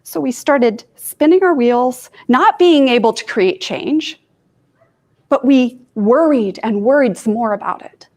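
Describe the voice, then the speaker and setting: A woman's voice: fairly high pitch, animated, unhurried, a little mellow. A woman life coach from Kansas giving an informal talk to students, chatty and self-deprecating, with asides to her audience.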